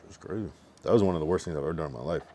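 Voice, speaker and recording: His pitch is extremely low, his pace racing, his tone mellow. This young streamer is casually talking on a livestream, drunk, stuffed, and slightly winded, with lots of slang and cursing.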